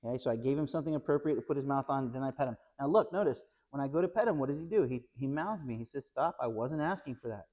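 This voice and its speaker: A man's voice: medium pitch, fast talker, few pauses, a little mellow. A man working as a dog trainer, explaining puppy training step by step and checking in with the viewer with a frequent "okay?". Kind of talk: instructional training video.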